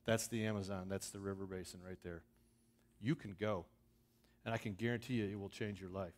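A man's voice: deep voice, steady tone, brisk. A man, a missions pastor, speaking to his church in a sermon, moving from easy asides to fervent, emphatic passages. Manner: earnest, builds to loud emphatic scripture reading; conversational with restarts and asides.

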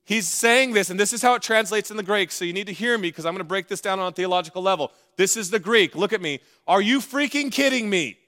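A man's voice: high voice, quick pace, hardly any pauses, sharp tone. A man preaching a sermon in a playful, conversational way, with asides to the congregation. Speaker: pastor.

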